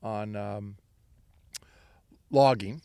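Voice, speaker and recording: Very slow and smooth, with a lowish, dark, steady voice, an older winery founder from Southern California spins rambling anecdotal stories in an interview, voicing the people he quotes.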